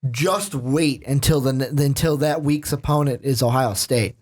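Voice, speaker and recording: A man's voice: mid-range voice, measured pace. A man hosting a casual sports podcast, joking and asking his co-host questions. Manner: joking, animated, asks questions.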